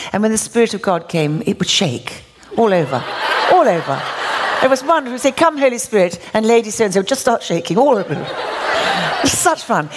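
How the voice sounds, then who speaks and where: An older woman tells a church story in her sermon, and her voice swoops high and low as she acts out each exchange. She laughs easily and keeps the storytelling lively. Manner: animated, laughing storyteller acting out dialogue. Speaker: preacher.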